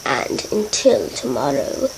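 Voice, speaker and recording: A woman's voice: fairly high pitch, sing-song, slow pace, gravelly. A woman vlogging casually, spelling out words letter by letter in a chatty, self-mocking way. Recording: noisy home recording.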